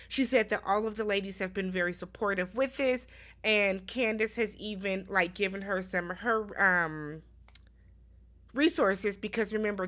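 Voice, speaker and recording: A woman's voice: mid-range voice, a bit bright. A woman casually recapping a reality TV reunion episode, talking straight to her viewers in a chatty, conversational way. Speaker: recap vlogger.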